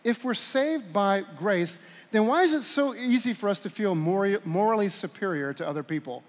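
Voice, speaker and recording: A man in his forties preaching a sermon to a church congregation in an animated, conversational way with playful asides. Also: high voice, normal speed. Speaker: pastor. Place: large church hall. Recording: long hall reverb.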